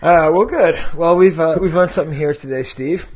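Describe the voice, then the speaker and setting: A man's voice: fairly high pitch, normal speed. A man hosting a collectors' podcast, chatting in a rambling, self-deprecating way. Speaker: podcast host. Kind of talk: casual podcast chat.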